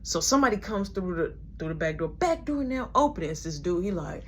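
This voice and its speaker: Young adult woman vlogger, casual storyteller, expressive, does quick character voices, light background noise. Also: on the low side. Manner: animated, acts out each character in quoted voices.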